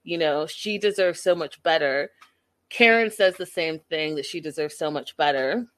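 A woman's voice: low voice, moderate pace, a bit bright. A woman casually recapping a reality show episode, chatty and opinionated, peppered with "like" and "you know".

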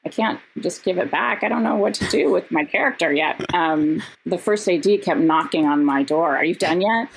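A woman, a podcast guest and actress, telling stories in casual chat, animated and laughing, with quick asides. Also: on the low side, gravelly, slight background noise, poor audio. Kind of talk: casual storytelling.

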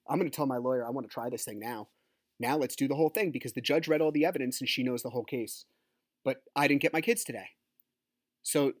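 Talking fast in a mid-range voice, a podcast host vents casually about his custody fight as a divorced dad, cursing, rambling, and interrupting himself. The studio recording has no echo.

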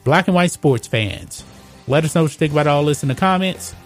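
A man's voice: a little high, lively intonation, brisk, faint music behind. A man hosting an opinionated sports commentary show, talking emphatically and ranting.

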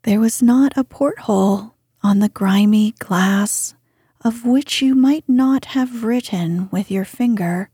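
A woman reading a children's story aloud with gentle, expressive narration. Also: medium pitch, takes it slowly, breathy edge, dry recording, clean studio sound. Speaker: reader.

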